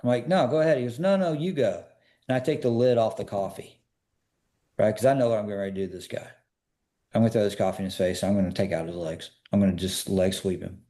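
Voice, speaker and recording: A fast-talking man with a low-leaning, dark, steady voice appears as a podcast guest. He's a personal security expert telling stories earnestly and emphatically in a casual interview, pressing listeners with repeated questions.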